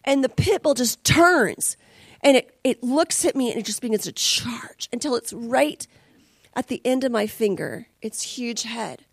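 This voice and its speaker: A woman's voice: fairly high pitch, expressive, unhurried, vocal fry, breathy edge, no room sound. A woman preaching a sermon as a conversational, emotional testimony, dropping at times to near whispers.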